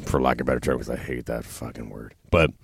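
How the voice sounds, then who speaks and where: Deep-voiced man telling stories. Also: fairly even intonation, fast talker, vocal fry, slightly rough. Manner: laid-back storytelling, swears, laughs often. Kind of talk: casual chat.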